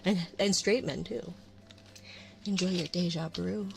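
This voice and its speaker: A woman streamer chatting casually in an ASMR stream, rambling and often dropping into a soft whisper. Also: lowish voice, steady tone, measured pace, gravelly, background noise. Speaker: VTuber streamer.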